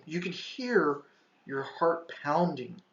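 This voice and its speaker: A man, a retired park ranger, telling a tense first-person story, halting and restarting, and shouting the commands he once gave. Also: on the high side, lively intonation. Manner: intense, shouts quoted commands. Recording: echoey, slightly dull sound.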